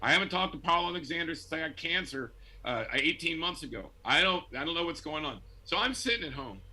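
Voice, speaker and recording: Husky, bright-voiced storytelling man. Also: fairly high pitch, fairly quick, rough recording. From Buffalo, New York. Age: middle-aged. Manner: animated storyteller, acts out quoted voices, laughs often. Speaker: guest. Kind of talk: casual interview chat. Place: home.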